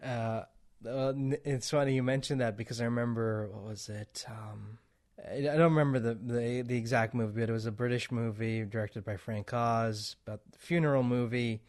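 A man's voice: medium pitch, steady tone, moderate pace, darkish tone. A man hosting a podcast in casual chat, rambling with restarts and laughs between points. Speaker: podcast host.

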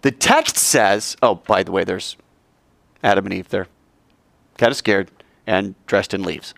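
A man preaching a sermon, telling stories in an animated way and asking his audience questions. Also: deep voice, measured pace, creaky, no echo.

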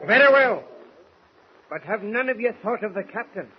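An actor playing a loyal, stubborn Scottish sailor who pleads earnestly in broad dialect, in 1940s radio acting. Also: male voice, high-pitched, animated, moderate pace, muffled recording, slight background noise. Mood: pleading.

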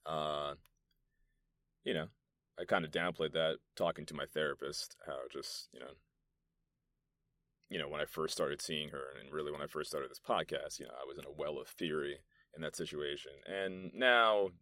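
A young New York man with a bass voice hosts a solo podcast, speaking at a moderate pace in a sharp tone. He rambles and swears through loose stories packed with fillers, in casual monologue form. The recording comes from a soundproof meeting room and has no echo.

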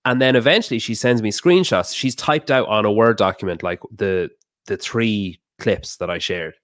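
Low-voiced man telling a heated story. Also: fairly bright tone, dry recording, studio quality. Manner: heated, fast storytelling with frequent swearing. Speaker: podcast guest. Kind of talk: casual podcast chat.

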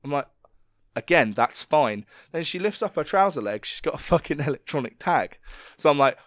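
A man's voice: on the high side, expressive, fast, no room sound, studio quality. A man co-hosting a podcast, telling a story in casual chat, swearing freely and acting out the quotes. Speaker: podcast co-host.

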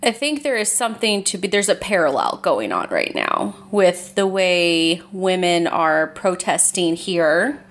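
A woman co-hosting a casual chat podcast, talking in halting bursts that restart mid-sentence and with some swearing. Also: on the low side, very animated. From United States. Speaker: podcast co-host.

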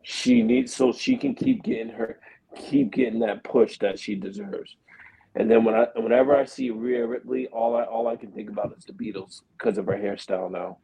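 A man co-hosting a podcast, giving blunt, animated opinions in casual chat. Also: mid-range voice, normal speed, vocal fry, breathy edge, rough recording. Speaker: podcast co-host.

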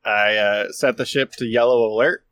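A man's voice: lowish voice, steady tone, moderate pace, a bit bright, dry recording. A man playing a tabletop game as a ship's captain, asking questions and thinking aloud. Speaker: player, ship captain. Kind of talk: casual tabletop game play.

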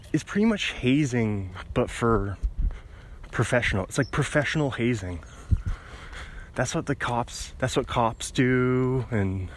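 A man's voice: mid-range voice, slight background noise. A young man hosting a solo podcast outdoors, rambling and laughing at his own tangents while holding his phone to his ear. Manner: meandering, self-interrupting, laughs at himself. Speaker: podcast host. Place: outdoors by a road, walking. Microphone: phone held to ear.

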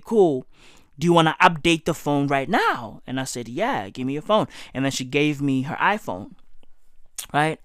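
A high-pitched South African man ranting in a comic monologue, his voice leaping wildly up and down as he shouts and swears in exasperation. He speaks slowly and deliberately, with a bright, sharp edge. The sound is dry and close, with no room around it. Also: clean tone, dry recording. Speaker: comedian. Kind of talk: profane comedic rant.

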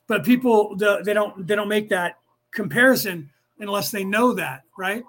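A middle-aged man from the San Francisco Bay Area who talks in a rapid, rambling rush as he hosts a casual spiritual lecture for his podcast. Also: high-pitched, fairly bright tone. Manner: rapid, rambling, restless delivery. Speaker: podcast host teaching a class.

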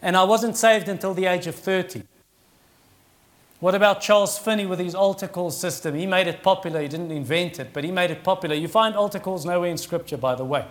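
A man's voice: high voice, a little fast. A middle-aged man preaching a sermon in an earnest, conversational way that rises in emphasis.

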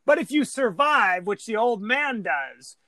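Bright high-pitched man recapping a plot. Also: big pitch swings. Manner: enthusiastic plot recapping, quick agreements. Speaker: podcast co-host. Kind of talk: casual movie discussion.

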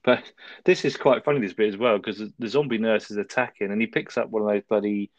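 A relaxed man walks through a film's plot in easy, casual chat, his voice on the low side. The recording is dry and slightly dull, like a home podcast. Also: fast talker, no room sound. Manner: relaxed, laughs often, recaps the plot. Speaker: podcast co-host. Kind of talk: casual film review chat.

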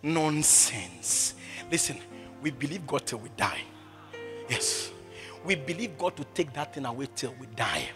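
A man preaching a sermon, driving his points home by repeating phrases and swinging from shouting to hushed speech. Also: mid-range voice, expressive, measured pace, music in the background. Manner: emphatic, repeats phrases over and over.

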